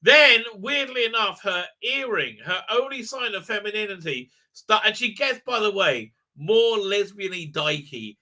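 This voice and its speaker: A man's voice: high voice, animated, a little slow, hardly any pauses, sharp tone. A man hosting a livestream review, talking in a sarcastic, rambling way with lots of fillers and tag questions. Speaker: host, reviewer.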